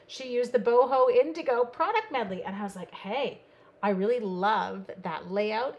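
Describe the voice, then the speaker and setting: A woman demonstrating card-making on a live online stream, chatting brightly with viewers as she works. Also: on the high side. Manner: chatty, bubbly, talks to viewers while working.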